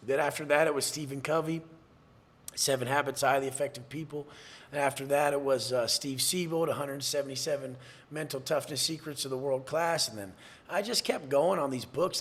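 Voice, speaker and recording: A man from San Diego, USA, with a high-side voice and vocal fry, tells his life story bluntly as a podcast guest. It's a candid storytelling interview where he curses freely and acts out others' voices.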